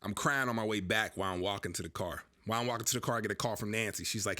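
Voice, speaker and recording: Bright-voiced man telling a wild story. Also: mid-range voice, racing, hardly any pauses. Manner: animated, acts out dialogue with others. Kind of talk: casual storytelling.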